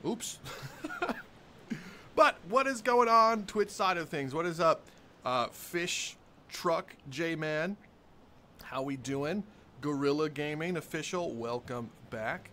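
A man's voice: a little high, slow pace, long pauses, pushed and bright, slight background noise. A young man live-streaming a game from home, cheerfully greeting his chat by name and laughing often. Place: home room with dogs nearby.

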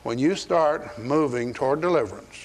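A man's voice: medium pitch, normal speed. A man preaching a sermon in a folksy, conversational way, acting out scripture in his own words. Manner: folksy, acts out biblical quotes in paraphrase. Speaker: pastor. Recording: 1980s archival sermon tape.

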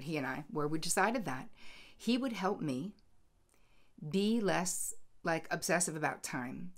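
Candid woman telling a story, lowish voice. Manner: candid and animated, acting out both sides of an argument. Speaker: host. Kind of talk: casual storytelling monologue.

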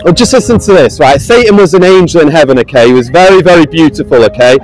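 A man's voice: on the high side, lively intonation, fast talker, faint music behind, low-quality recording. A man preaching to passers-by outdoors, earnest and pleading, raising his voice at times. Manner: earnest, pleading, raises voice to the street. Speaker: street preacher. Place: outdoors on a busy street.

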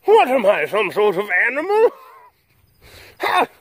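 A man's voice: sits high, wildly swooping pitch, measured pace, a bit bright, breathy edge, no room sound, clean studio sound, pitched above the performer's own voice, heavily acted. A man voicing a haughty, huffy lemur. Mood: indignant. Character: indignant haughty female lemur.

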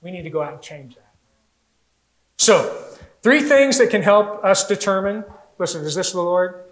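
An American man preaches a sermon from the pulpit, his voice pitched high. He tells stories with animation and slips into little voices for the people in them. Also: lively intonation, normal speed, low-quality recording. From United States. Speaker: pastor.

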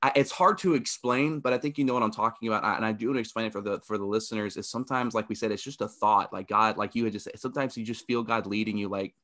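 A man's voice: lowish voice, fast, hardly any pauses, pushed and bright. A man hosting a faith interview podcast, earnest and rambling, often restarting his sentences. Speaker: podcast host.

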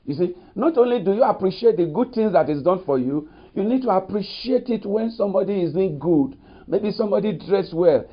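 A man's voice: high voice, expressive, normal speed. A man preaching a recorded sermon as pastor, leaning often on "you see" and "you know". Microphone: studio mic. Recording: dull lo-fi recording.

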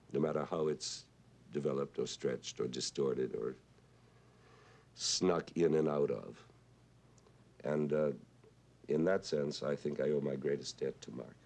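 A man with a husky voice, talking thoughtfully on television about songwriting, pausing with "uh" as he explains. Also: rumbling low, darkish tone. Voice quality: husky "whiskey voice". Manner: thoughtful, pauses with "uh", explains with sung examples. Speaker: composer recalling a friend. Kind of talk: reflective televised talk.

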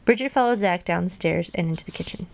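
A woman reading a children's storybook aloud in a plain, gentle way, dropping in casual asides. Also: lowish voice, quick pace, vocal fry, background noise. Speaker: storybook reader.

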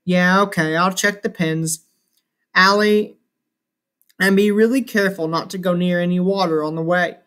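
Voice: medium pitch, steady tone, moderate pace, fairly bright tone, smooth, close to an everyday voice. A reader voicing a defiant twelve-year-old boy. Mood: protesting. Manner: protesting, joking.

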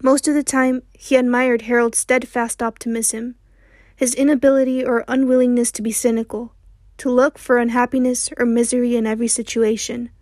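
A woman narrating an audiobook in a steady, measured reading. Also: fairly high pitch, no echo, clean studio sound. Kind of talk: scripted narration.

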